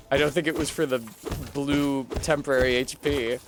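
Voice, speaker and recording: A man's voice: medium pitch, fairly even intonation, measured pace, noisy background. A man streaming a game, chatting casually in a rambling, self-deprecating way to his viewers. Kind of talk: casual gameplay chat.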